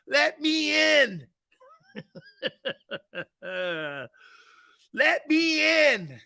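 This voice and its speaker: A man doing a slow, pleading impression of a creepy old man from a horror film. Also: very high-pitched, sing-song, vocal fry, pushed and bright, voice pushed up, full character voice. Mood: eerie.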